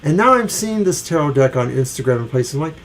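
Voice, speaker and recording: A man's voice: on the high side, animated, fast, slight background noise, poor audio. A man co-hosting a live tarot show, chatty and rambling, often correcting himself mid-sentence. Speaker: tarot reader co-host. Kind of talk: casual live tarot reading.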